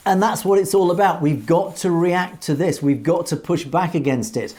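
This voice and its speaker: Mellow-voiced man giving political commentary. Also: fairly high pitch, moderate pace, few pauses. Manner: articulate, earnest, lightly hesitant. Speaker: online news commentator.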